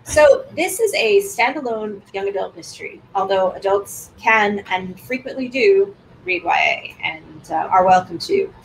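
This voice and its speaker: A woman's voice: medium pitch, animated, measured pace, gravelly, few pauses, low-quality recording. Thoughtful woman author with faint noise behind. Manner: thoughtful, explains at length with some restarts. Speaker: author guest. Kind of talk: conversational interview answers.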